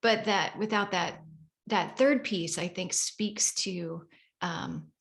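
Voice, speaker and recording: A woman hosting an interview, talking reflectively with hesitant pauses and fillers. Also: medium pitch, gravelly, fairly bright tone. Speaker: podcast host. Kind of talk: conversational interview.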